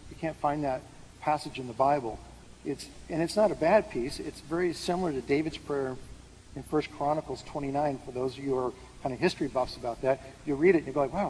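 A male pastor preaching in a big hall, his voice carrying a long reverb tail with a faint hiss behind it. He talks conversationally, asks the congregation questions and answers them, and his pitch sits a little above average for a man. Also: a little mellow. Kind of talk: sermon. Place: large hall with an audience.

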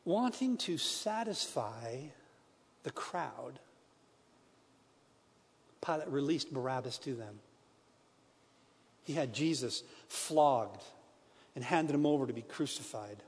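A man giving a dramatic scripture reading, his delivery swinging from hushed to loud. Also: mid-range voice, expressive, slow pace, pauses often, slightly rough. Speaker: scripture reader. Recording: long reverb with soft piano.

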